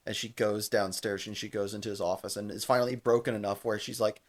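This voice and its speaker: A young man, a podcast co-host, retelling a TV episode in casual chat, animated, laughing and swearing freely. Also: fairly low pitch, fairly quick, hardly any pauses.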